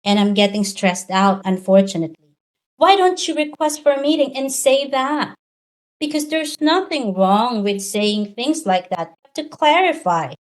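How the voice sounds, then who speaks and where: A woman giving a motivational talk as a coach for virtual professionals, talking in a direct, earnest way with many rhetorical questions. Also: sits high.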